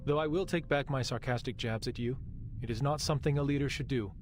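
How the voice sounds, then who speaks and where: A man's voice: medium pitch, fast, soft background music, voice pushed up, lightly acted. A man doing a curt, aloof young male Arcanist. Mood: cold. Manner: clipped, dismissive.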